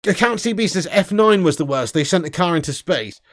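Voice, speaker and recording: A young man hosting a casual livestream, reading super chats, loud and sweary with lots of banter. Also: high voice, expressive, brisk. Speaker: livestream host.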